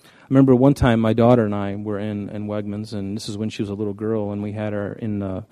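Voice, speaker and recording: A man's voice: fairly low pitch, flat delivery, fast talker, dark tone, no room sound. A man preaching a conversational sermon, telling stories in a folksy way with frequent restarts. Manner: folksy, storytelling, many restarts. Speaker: pastor.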